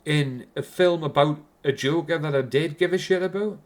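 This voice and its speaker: A man's voice: a little high, moderate pace. A man with a Geordie accent giving a casual, rambling film review, swearing constantly and restarting his sentences.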